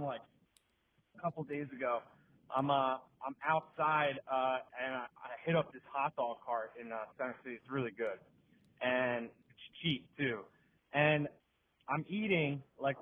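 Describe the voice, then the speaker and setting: A man tells crude stories in a casual rant and acts out every character. His voice sits a little high. The audio is thin and tinny, like a phone line. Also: a little hiss or hum. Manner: profane storytelling, acts out the people in his stories. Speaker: segment contributor.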